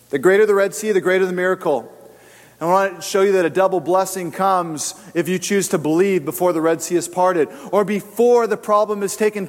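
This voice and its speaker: A man preaching a sermon in a lively, animated way, acting out the voices of people in his stories. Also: fairly high pitch. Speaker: pastor. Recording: long hall reverb.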